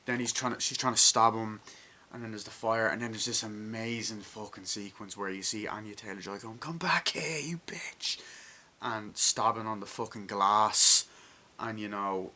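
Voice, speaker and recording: A man giving a casual, rambling movie review, full of excitement, swearing and fillers. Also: on the low side, normal speed. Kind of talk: casual spoken film review.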